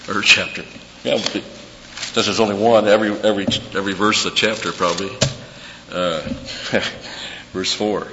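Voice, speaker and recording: A man preaching a verse-by-verse sermon, repeating key words slowly for emphasis. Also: fairly low pitch, bright, forceful tone. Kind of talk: expository sermon on scripture. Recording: dull echoey hall with faint hum.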